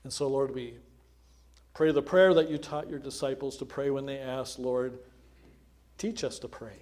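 Casting note: male pastor, mid-pitched, earnest and prayerful, talking plainly to a congregation. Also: fairly even intonation, moderate pace, pauses often. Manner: earnest, prayerful, varying loudness. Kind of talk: spoken prayer in a church service.

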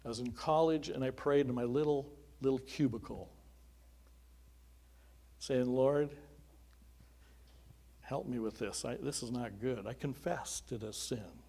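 Earnest conversational male pastor, mellow voice. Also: medium pitch, measured pace, vocal fry, pauses often. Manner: earnest and conversational, with chuckling asides. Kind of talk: sermon with personal testimony.

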